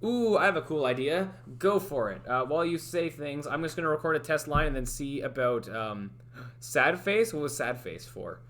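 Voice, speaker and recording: A young man talks loosely to his livestream viewers from a desk mic and trails off mid-thought. His pitch jumps around lively, and his voice has a bright, forward edge. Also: moderate pace. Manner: rambling, hesitant, full of fillers and restarts. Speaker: streamer. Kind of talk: casual livestream chat. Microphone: headphones with a desk mic.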